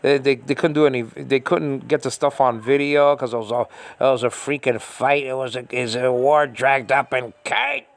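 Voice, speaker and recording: A man's voice: mid-range voice, steady tone, normal speed, creaky, hardly any pauses, no echo. An American man ranting in a casual home monologue, exasperated and repetitive, full of fillers and restarts. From United States. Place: small room at home.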